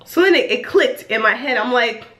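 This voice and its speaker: A young woman in her twenties telling a personal story in a casual vlog, animated and chatty, full of "like" fillers. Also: fairly high pitch, brisk. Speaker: vlogger.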